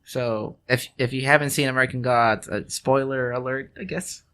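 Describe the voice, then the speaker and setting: A man's voice: mid-range voice, fairly even intonation, moderate pace, pushed and bright, clear, resonant tone. A man co-hosting a podcast in casual chat, rambling and swearing, with many restarts and laughs. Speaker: podcast co-host.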